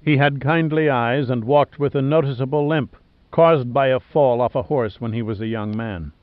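A man narrating an audiobook in a measured, even storytelling manner. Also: medium pitch, dry recording. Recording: dull, dry studio recording.

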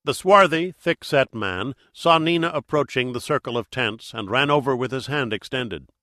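A man reading an audiobook in steady, measured narration. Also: medium pitch, no room sound, clean studio sound. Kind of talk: scripted narration.

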